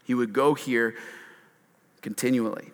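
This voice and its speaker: Animated preacher man in a reverberant hall. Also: medium pitch, unhurried, clear, resonant tone. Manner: animated, acts out quotes in a raised voice. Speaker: pastor. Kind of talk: sermon. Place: church hall with slides on a screen.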